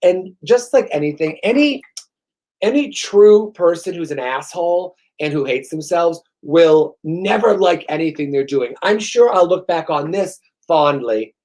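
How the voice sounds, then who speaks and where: A man's voice: on the high side, lively intonation, unhurried, a little mellow. A man hosting his own show, rambling through stories with profane, sarcastic, self-mocking humor. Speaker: host. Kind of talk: rambling comedic monologue.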